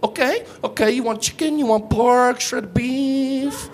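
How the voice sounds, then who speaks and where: A man putting on the voice of an eager, fawning restaurant waiter with a quick, repetitive sales patter, on a live stage mic. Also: very high-pitched, voice pushed up. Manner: rapid upbeat sales patter, repeats himself.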